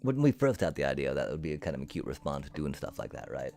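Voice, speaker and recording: A man's voice: extremely low pitch, sing-song, quick pace, darkish tone. A male streamer ranting to his chat, angry and profane, swearing through his frustration. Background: faint music.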